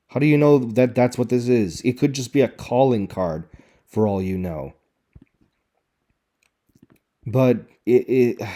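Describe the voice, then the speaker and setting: Mellow and medium-pitched, this man reviews videos, tearing into a show's lines with sarcasm and obvious exasperation.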